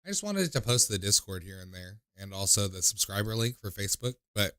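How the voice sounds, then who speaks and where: A man's voice: on the low side, expressive, fairly quick, a bit bright. A young man hosting a call-in livestream, rambling and poking fun at himself in casual chat. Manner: rambling, self-mocking storyteller. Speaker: call-in show host.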